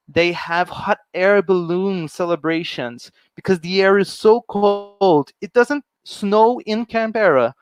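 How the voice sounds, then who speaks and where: A young Brazilian man gives an informal, friendly and enthusiastic presentation as he walks through slides. His voice is on the high side with a clean tone and no echo.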